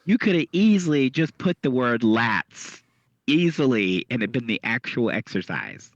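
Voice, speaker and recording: A man's voice: mid-range voice, sing-song, moderate pace, dry recording. A man co-hosting a podcast in a sassy, wry casual chat. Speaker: podcast co-host. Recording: slightly dull lo-fi audio.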